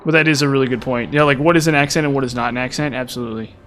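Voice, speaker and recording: A man's voice: mid-range voice, fairly even intonation, very fast, fairly bright tone, a little hiss or hum. A man with a mild Utah accent, chatting casually with viewers on a live stream. He rambles, repeats words and uses many fillers. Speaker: gaming streamer.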